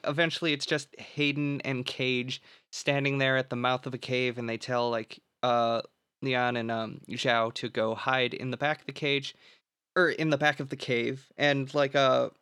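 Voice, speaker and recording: A man's voice: mid-range voice, flat delivery, normal speed, bright, forceful tone, clear, resonant tone, no room sound, clean studio sound. A young man co-hosting a casual podcast, recapping a film plot in a rambling, filler-heavy way and swearing freely.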